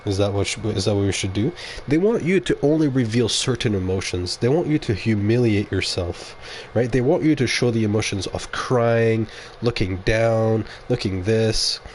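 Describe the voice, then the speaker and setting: A man's voice: on the low side, moderate pace, darkish tone, a little hiss or hum. A man streaming a game and talking casually to his audience, rambling and opinionated and often correcting himself mid-sentence. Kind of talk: casual livestream monologue.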